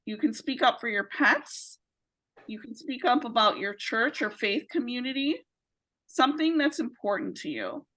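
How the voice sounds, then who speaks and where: Bright-voiced woman leading an online training. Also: on the high side, big pitch swings, moderate pace, low-quality recording. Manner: encouraging, checks in with "right?". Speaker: training facilitator. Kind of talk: virtual training lesson. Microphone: video call.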